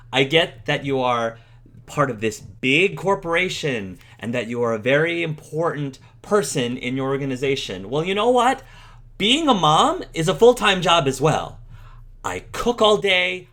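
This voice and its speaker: A man's voice: medium pitch, animated, normal speed, a bit bright. A man voicing a weary, resentful wife and mother in a tabletop role-play, speaking with tired, defensive bitterness. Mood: bitter, weary.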